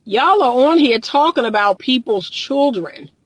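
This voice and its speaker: A woman's voice: high voice, animated, unhurried, slightly rough, no echo, rough recording. A woman relationship coach speaking straight to her viewers in an earnest, emphatic way, repeating her key phrases for weight. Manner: addresses viewers as "y'all". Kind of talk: direct-to-camera monologue.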